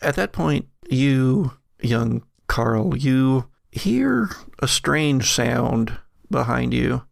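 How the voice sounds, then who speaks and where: A man narrating a tabletop horror game as game master, measured and halting with vivid description. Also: medium pitch, animated, gravelly, dry recording, clean studio sound.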